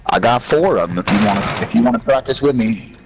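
A man's voice: medium pitch, expressive, quick pace, noisy background. A man chatting as a teammate in an online shooter, making laid-back, offhand callouts. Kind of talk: casual gaming chat.

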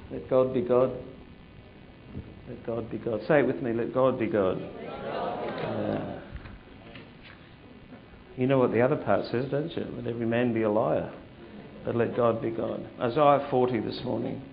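A man's voice: medium pitch, unhurried, gravelly, pauses often, muffled recording, slight background noise. A man preaching a sermon as pastor in a church hall, fervent and full of prayerful interjections like hallelujah.

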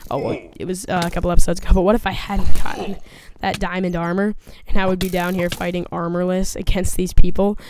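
A gaming video host narrates her own let's play, jumpy and nervous, chattering to herself and to the monsters on screen. Her voice is on the low side and darkish, with little pitch movement, and she talks quickly with few pauses over slight background noise.

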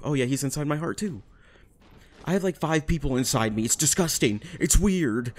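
A man's voice: a little high, expressive, a little fast, a little mellow. A man giving rambling, profane, jokey commentary while playing a game. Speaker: gamer. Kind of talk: let's play commentary.

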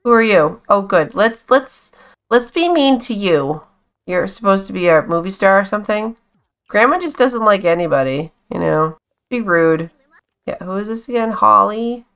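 A woman's voice: medium pitch, lively intonation, normal speed, a bit bright. A young woman giving casual, amused commentary on a life-sim game, chatting to the characters on screen as she plays. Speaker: gaming YouTuber.

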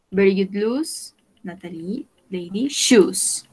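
A woman's voice: medium pitch, lively intonation, measured pace, a bit bright, low-quality recording. A woman teaching English vocabulary in an online class, repeating each word patiently for her students and switching into Spanish to explain.

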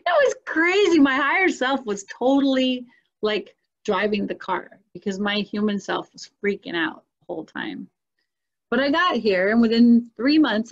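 A woman telling her own life story in a casual conversation, animated and expressive, acting out the voices she quotes and laughing often. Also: mid-range voice. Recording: dull lo-fi sound.

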